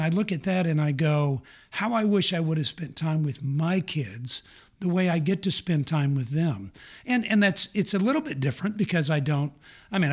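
An older man with a hoarse, strained voice, talking earnestly as an interview guest, often restarting his sentences. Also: fairly high pitch. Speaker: guest, parenting ministry founder. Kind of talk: conversational interview.

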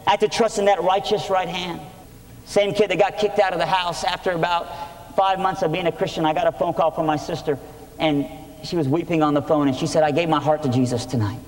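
A man's voice: sits high, little pitch movement, brisk. A man preaching his testimony, telling the story earnestly and with energy. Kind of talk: sermon testimony. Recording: echoey hall.

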